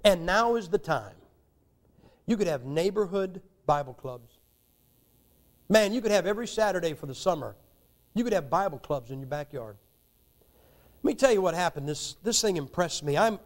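An older American man preaching a sermon with a noticeably high-pitched voice. His delivery is folksy and joking, full of emphatic rises as he drives his points home. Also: animated, moderate pace, pauses often. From United States.

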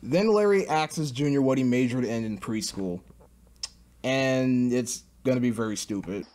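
A man's voice: mid-range voice, lively intonation, unhurried, darkish tone. A man giving sarcastic review commentary on a cartoon, ranting in an exasperated, mocking way.

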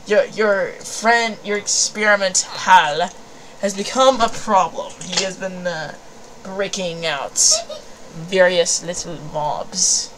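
A woman's voice: high voice, huge pitch swings, very slow, hardly any pauses, background noise, pitched above the performer's own voice, heavily acted. A woman voicing an odd male scientist who gives a lab assistant orders, awkward and self-conscious. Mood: stern.

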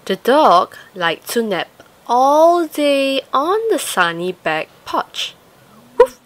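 A woman reading a children's picture book aloud, slow, sing-song and expressive. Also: sits high. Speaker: storyteller.

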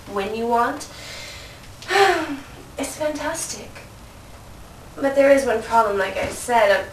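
A woman performing a comic mock infomercial with a teasing sales-pitch delivery and frequent giggles. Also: fairly bright tone. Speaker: comic presenter. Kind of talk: comedy sketch, mock infomercial. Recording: echoey room, mic far off, faint noise.

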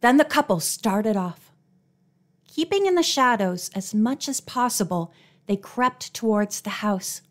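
Woman narrating a mystery audiobook. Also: measured pace. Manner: expressive, raises her pitch for dialogue. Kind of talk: scripted narration.

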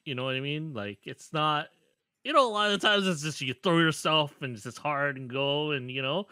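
Male reaction co-host, casual and teasing, with a bright edge to the voice. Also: fairly high pitch, moderate pace, clear, resonant tone, no echo, studio quality. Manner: chatty, teasing, uses lots of fillers.

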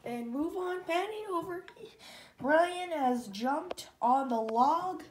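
A woman's voice: sits high, expressive, slow pace, slight background noise. A woman narrating playful toy play, describing the scene.

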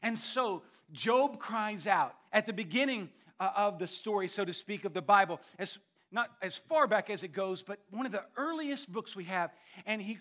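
A male pastor with a high, bright voice preaches in a church sanctuary. He hammers key phrases, stumbles and repeats words as he builds, then falls to slow, hushed lines. The tone is forceful and ringing. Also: expressive. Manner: emphatic preaching with frequent repetitions and restarts; swings between loud emphasis and hushed, slowed phrases. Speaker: senior pastor. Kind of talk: sermon.

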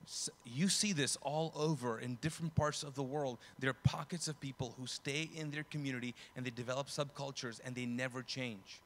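A man preaching a sermon as pastor in a conversational way, often restarting and correcting himself, and growing loud and lively when he tells stories. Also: medium pitch, brisk, few pauses, a little hiss or hum. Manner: grows loud and animated when telling stories.

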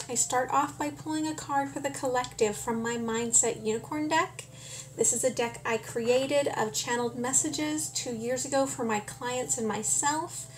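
A woman giving a tarot reading, speaking calmly and often checking in with "okay?". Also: high-pitched, a little hiss or hum. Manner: calm, frequent "okay?" check-ins. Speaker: tarot reader.

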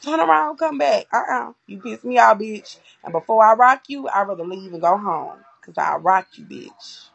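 A woman's voice: a little high, lively intonation, moderate pace, creaky, few pauses, a bit bright, lo-fi sound. A woman talking bluntly and with a lot of swearing in a casual livestream chat, acting out the arguments she describes. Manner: blunt, profane, acts out quoted arguments.

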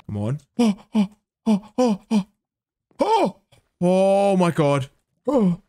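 A man giving live gameplay commentary, excitable and swearing under his breath, with sudden gasps and outbursts. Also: high voice, slow, soft background music. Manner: mutters to himself, swears when frustrated. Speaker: gaming video creator.

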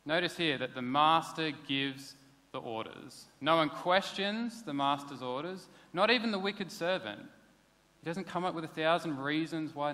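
A pastor, preaching a sermon in a casual, conversational way. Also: male voice, a little high, moderate pace, pushed and bright. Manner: conversational, plain-spoken preaching with casual asides. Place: church hall. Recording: long hall reverb.

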